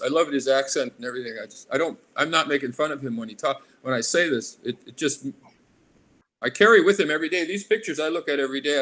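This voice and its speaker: A man in his sixties from Alaska, a guest in an interview, rambling warmly and drifting into tangents. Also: mid-range voice. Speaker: artist guest. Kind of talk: casual interview conversation.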